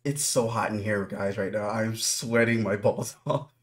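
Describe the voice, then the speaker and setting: A man's voice: on the low side, fairly even intonation, measured pace, slight background noise. Jumpy man narrating a horror game. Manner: jittery, talks to viewers as guys, nervous running commentary. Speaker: gaming YouTuber. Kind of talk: horror game let's play commentary.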